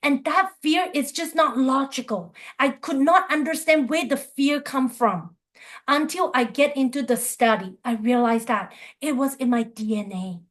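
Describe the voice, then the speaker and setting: A woman with a high voice speaks as a coach giving a motivational talk. She tells earnest personal stories in a direct, open way and draws lessons from them. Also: measured pace, a bit bright. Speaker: qigong and life coach.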